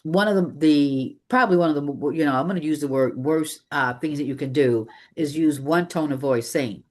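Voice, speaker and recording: Energetic public speaking coach, mid-pitched voice. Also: a little fast, few pauses. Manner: energetic, emphatic, varies pace for demonstration. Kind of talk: live training presentation. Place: meeting room with an audience.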